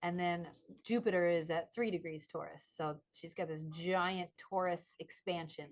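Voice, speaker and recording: A middle-aged woman co-hosts a podcast, chatting casually and animatedly telling a story while mimicking the voices of people she quotes. Her voice is on the low side with fairly even intonation and a normal speed, and the highs are cut off.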